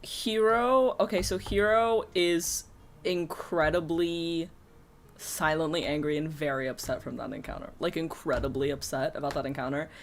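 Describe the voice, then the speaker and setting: Low-voiced woman tabletop player. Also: fairly even intonation, moderate pace, slight background noise. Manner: hesitant, describing character actions. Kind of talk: tabletop game play.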